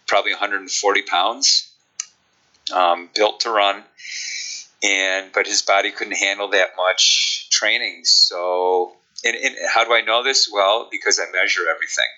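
A sprint coach with a Chicago accent, explaining training in a relaxed podcast interview, with many ums. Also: male voice, fairly low pitch, unhurried, muffled recording.

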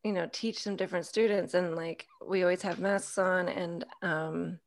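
A woman's voice: on the low side, steady tone, normal speed, gravelly. A woman who is a podcast regular, chatting casually and laughing easily. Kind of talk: casual chat.

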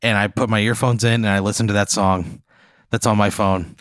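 A man's voice: lowish voice, fairly even intonation, fairly quick, fairly bright tone, no room sound. Indignant, swearing man ranting. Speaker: podcast co-host. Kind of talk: comedic podcast banter.

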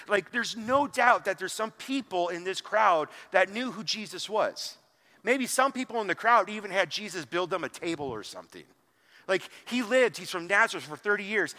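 Male pastor preaching casually, high-pitched, church hall echo. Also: sing-song, normal speed, pushed and bright. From small town. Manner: conversational, frequent "like", acts out quotes with sudden emphasis. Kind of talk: sermon. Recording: long hall reverb.

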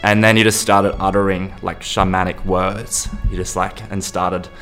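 A man with a very deep voice recounts a personal experience. He talks haltingly, breaking off and restarting his sentences. Soft music runs quietly behind him. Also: flat delivery. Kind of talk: personal anecdote.

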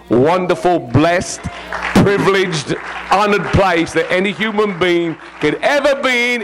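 A man's voice: a little high, slight background noise. A middle-aged English man, a visiting missionary preacher giving an informal sermon, joking and rambling as he goes. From England. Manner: joking, rambling, laughs often.

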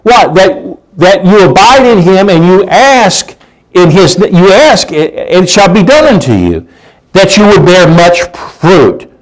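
A man's voice: high-pitched, big pitch swings, takes it slowly, low-quality recording. A man preaching a sermon in a conversational way, often repeating words and asking rhetorical questions.

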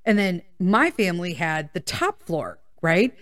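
A woman's voice: lowish voice, very animated, a little slow. Woman telling a rambling, swear-filled story. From Chicago area, USA. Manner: swears a lot, rambling tangents, keeps checking in with "okay?" and "right?". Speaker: podcast host. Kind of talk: casual personal storytelling.

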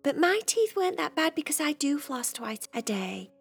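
A woman voicing a calm, prim female cat, speaking softly and evenly in a children's bedtime story. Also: high voice, gravelly, soft background music, full character voice. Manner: soft, quiet and measured.

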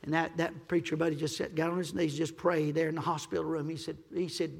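A male pastor preaching a storytelling sermon, emphatic, acting out the people in his stories and rising to loud peaks. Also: on the high side, level tone, fast talker, vocal fry, few pauses. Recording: long hall reverb.

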